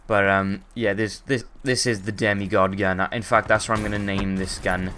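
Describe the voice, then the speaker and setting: Male gamer, low tense voice, hiccuping, sore throat, rambly and profane commentary. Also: level tone, normal speed, bright, forceful tone, a little hiss or hum. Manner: rambling, sweary, frequent ums. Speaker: gameplay commentator. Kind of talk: casual gameplay commentary.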